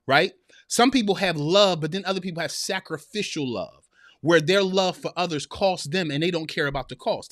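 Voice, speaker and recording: Male podcast host with a higher voice, motivational sermon-like talk, no room echo. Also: fairly bright tone, studio quality. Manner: preacherly, storytelling, addresses listeners as sisters. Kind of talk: heartfelt motivational monologue.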